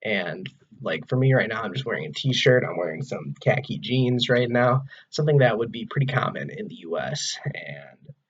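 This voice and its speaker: A man's voice: lowish voice, expressive, moderate pace, slightly rough, highs cut off. A man in his twenties from Wisconsin with an American accent, talking casually to camera in his own room and rambling with many "like"s and restarts. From Wisconsin, USA. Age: 20s. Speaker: vlogger.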